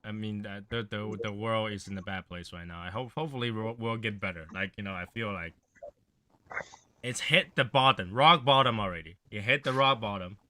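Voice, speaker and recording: A man's voice: lowish voice, brisk, sharp tone. A man hosting a casual livestream chat, rambling in a gloomy, offhand way and swearing now and then. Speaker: livestream host.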